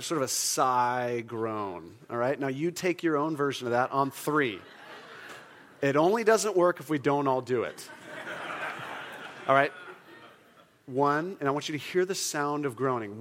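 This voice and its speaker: A man's voice: medium pitch, a little slow, a bit bright, a little hiss or hum. Earnest male pastor preaching conversationally. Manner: conversational, earnest, leads the audience in call-and-response. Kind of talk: sermon with congregation participation.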